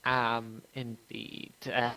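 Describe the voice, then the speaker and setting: A polite, smooth male merchant with a guarded manner, as a man game master voices him. His voice sits at an ordinary middle pitch, and he talks in a courteous, evasive way. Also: monotone, extremely slow, pushed and bright, heavily acted, rough recording.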